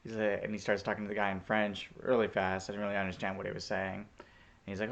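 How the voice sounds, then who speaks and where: Laid-back guy telling a story on his vlog, lowish voice, lots of ums, kinda muffled audio. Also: completely flat delivery, fast, vocal fry, fairly bright tone. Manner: easygoing, chatty, many fillers. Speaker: returned Peace Corps volunteer.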